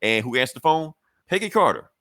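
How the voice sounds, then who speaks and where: A man's voice: medium pitch, very animated, fast talker, bright, forceful tone, no room sound, clean studio sound. A man co-hosting a podcast, retelling a comic episode in a loose, rambling, profane way. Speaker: podcast co-host. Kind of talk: casual comic recap.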